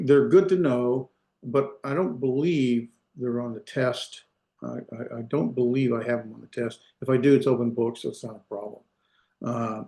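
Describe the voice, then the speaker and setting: A man's voice: mid-range voice, a little mellow, reverberant. A man teaching an online class, explaining step by step with patient repetition and many fillers, heard over a video call. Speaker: Hebrew instructor.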